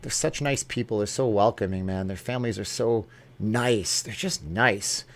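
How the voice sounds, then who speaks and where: A man's voice: lowish voice, moderate pace. A man hosting a casual livestream vlog, chatting in an upbeat way and jumping between topics as he reads viewer comments. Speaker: YouTube vlog host.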